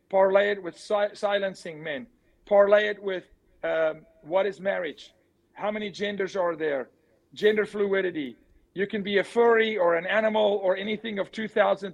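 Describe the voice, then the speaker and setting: High-voiced man speaking with force. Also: vocal fry, poor audio. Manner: forceful, emphatic, repeats key words. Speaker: guest. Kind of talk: impassioned interview talk.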